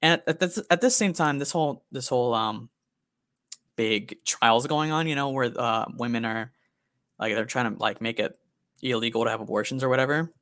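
A man's voice: mid-range voice, normal speed, a bit bright, no echo. A young man co-hosting a podcast, telling a story in a blunt, profane, rambling way. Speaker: podcast co-host. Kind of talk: casual storytelling chat.

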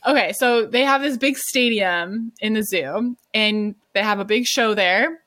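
A woman's voice: fairly high pitch, unhurried, fairly bright tone, no echo, studio quality. A woman co-hosting a podcast, chatting casually in a gushing, rambling way full of fillers. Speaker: podcast co-host. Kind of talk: casual chat.

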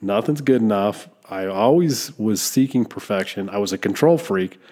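A man with a somewhat low voice hosts a podcast conversation. He speaks earnestly and reflectively, often backing up to restart a thought mid-sentence. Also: expressive, normal speed, mellow. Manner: earnest, reflective, with frequent restarts and verbal fillers. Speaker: podcast host. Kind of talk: casual conversational interview.

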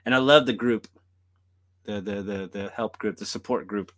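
A man with a fairly low voice chats casually as a podcast co-host. He laughs often and swears freely, keeping things loose and conversational. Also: normal speed, fairly bright tone. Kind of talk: casual chat.

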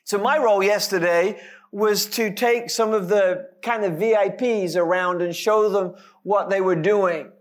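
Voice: mid-range voice, fairly even intonation, a little slow. A pastor preaching a sermon, speaking emphatically with light, self-deprecating humor.

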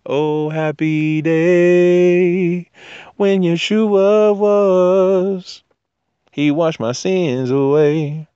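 A man's voice: mid-range voice, clear, resonant tone, dry recording, highs cut off. Guy teaching torah stuff casually, goes off on silly tangents, dry close mic. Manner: rambling, jokey asides, restarts.

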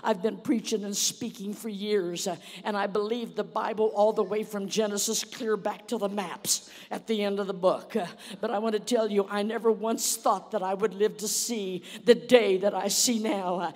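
A woman's voice: mid-range voice, fairly even intonation, normal speed, hardly any pauses, a little mellow, big-room sound. A woman guest speaker preaching a sermon. She tells a story vividly and uses many "uh" fillers.

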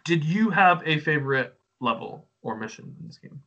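A man's voice: fairly high pitch, lively intonation, moderate pace, fairly bright tone, dull audio. A man co-hosting a casual game review podcast, enthusiastic and stumbling over restarts. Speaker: podcast co-host.

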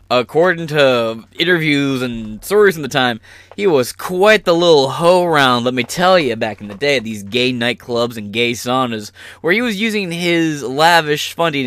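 A male podcast host rants through political commentary, swearing often and dripping with sarcasm. His voice sits at an average pitch. The recording is dry and close. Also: a bit bright, dry recording. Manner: profane, heated, sarcastic.

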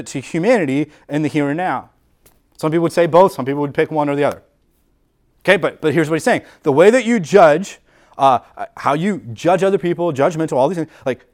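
A man delivers a sermon in a loose, chatty way, stumbling over repeated words and filling gaps with "like". His voice sits a little high for a man, and he lifts it when acting out what people think. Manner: conversational, many repeated words and "like" fillers; acts out quoted inner voices with rising pitch and volume. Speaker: pastor.

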